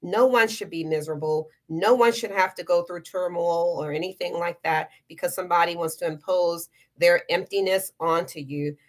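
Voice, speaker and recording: A woman's voice: on the low side, steady tone, normal speed, hardly any pauses. Earnest woman vlogger giving encouragement. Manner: earnest, emphatic, repeats words for stress. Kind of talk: casual motivational talk to camera.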